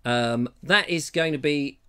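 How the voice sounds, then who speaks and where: An English man hosting a live comedy talk show from home, chatty and jokey, often addressing viewers as ladies and gentlemen. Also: on the high side, unhurried, smooth. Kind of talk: casual live-stream chat. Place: terraced house.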